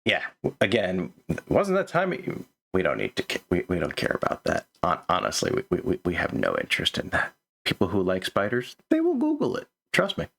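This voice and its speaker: A man talks casually through a manuscript, criticizing it as he goes. He stammers and repeats words as he thinks aloud. His voice sits on the low side. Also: huge pitch swings, brisk, vocal fry, a bit bright, husky. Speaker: host reviewing a manuscript. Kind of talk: casual commentary.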